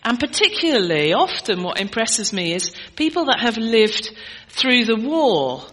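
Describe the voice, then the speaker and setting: Bright-voiced woman preaching a sermon. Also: a little high, big pitch swings, unhurried, poor audio. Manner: conversational, teaching, asks the congregation questions.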